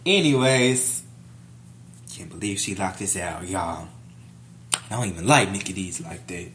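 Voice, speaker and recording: A young adult man vlogging a casual storytime, animated and profane, playing up every scene. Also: deep voice, unhurried, a little hiss or hum.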